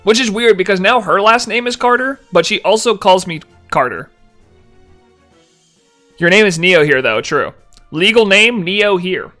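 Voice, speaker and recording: A young man with a high, bright voice talks casually on a live stream in a playful, mock-annoyed way. He reads chat messages aloud and answers them. Faint music plays softly underneath.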